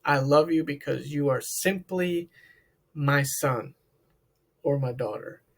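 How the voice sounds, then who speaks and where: A man voicing a loving father who quietly and gently tells his child he is proud of them. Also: on the high side, takes it slowly. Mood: tender.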